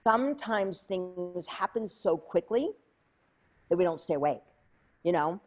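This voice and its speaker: A woman tells a long personal story as a guest in a casual interview. Her voice sits low and warm, and she talks in an animated, chatty way. She acts out the voices of people she quotes and uses plenty of fillers. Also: measured pace. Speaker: interview guest, speaker and coach.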